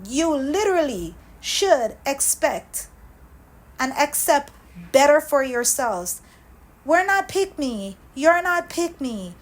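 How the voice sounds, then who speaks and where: A woman's voice: sits high, big pitch swings, slow pace, rough recording. A woman hosting a reaction vlog, ranting with angry, impassioned conviction and hammering her points through repetition. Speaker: commentary channel host.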